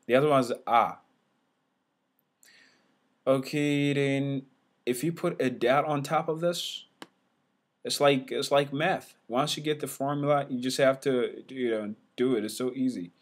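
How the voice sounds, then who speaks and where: Slow man sounding out letters. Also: mid-range voice. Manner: frequent fillers and restarts. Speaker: teacher. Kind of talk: casual whiteboard lesson.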